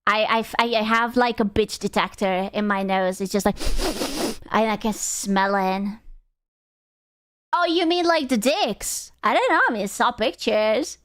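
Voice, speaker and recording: A woman's voice: mid-range voice, lively intonation, measured pace, fairly bright tone. A young woman streamer in casual chat, blunt and profane as she rants to her viewers.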